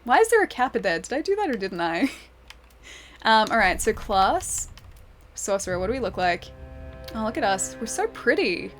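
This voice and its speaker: A woman's voice: a little high, big pitch swings, normal speed, pauses often, faint music behind. A young Australian woman chatting casually while livestreaming a game, giggling often and answering her chat. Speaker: streamer. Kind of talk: live game stream chat.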